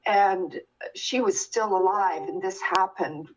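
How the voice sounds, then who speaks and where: An older woman telling an earnest personal story as a guest, with many restarts and a lively telling voice. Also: mid-range voice, slow pace, dull audio, slight background noise. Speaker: guest sharing her experience.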